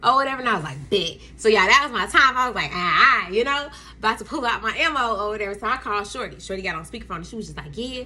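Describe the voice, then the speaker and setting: Animated young woman telling a story. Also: mid-range voice, rapid-fire, hardly any pauses, husky. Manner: animated, acts out quotes, laughs often, addresses viewers as y'all. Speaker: storytime vlogger. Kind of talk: casual storytelling to camera. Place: home room with a Christmas tree.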